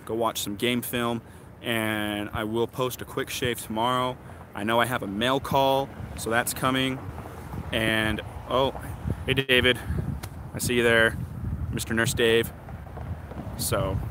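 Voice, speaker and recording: A man chatting casually on a live stream from outdoors, telling rambling stories as a vlogger and basketball referee. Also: lowish voice. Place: outdoors, windy. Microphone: phone on a mobile connection. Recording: choppy phone stream with loud wind and traffic. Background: wind and passing traffic.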